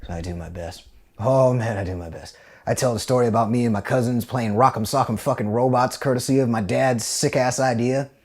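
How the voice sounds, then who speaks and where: A young American army veteran, appearing as a podcast guest, tells a story casually and a little fast. He swears a lot, and his pitch and loudness swing widely.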